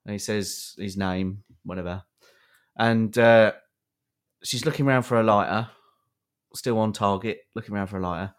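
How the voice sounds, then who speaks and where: A man's voice: lowish voice, steady tone, normal speed, pauses often. A young man, a podcast co-host, telling a long anecdote with lots of fillers and acted-out quotes. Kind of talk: storytelling to a co-host.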